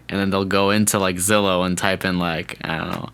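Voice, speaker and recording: Rambling low-voiced male podcast host. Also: moderate pace, a bit bright, clean tone. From California. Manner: rambling, self-correcting, jokey. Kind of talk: casual solo podcast chat.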